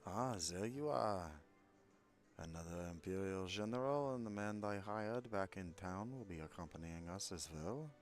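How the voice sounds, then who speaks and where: A man reading the lines of a calm, courteous middle-aged imperial general from a video game, slow and measured. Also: low voice, faint music behind.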